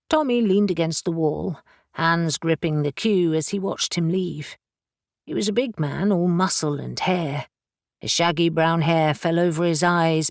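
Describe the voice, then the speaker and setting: A woman narrating an urban fantasy audiobook in a steady, measured way on a close studio mic. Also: deep voice, no room sound. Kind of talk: scripted narration.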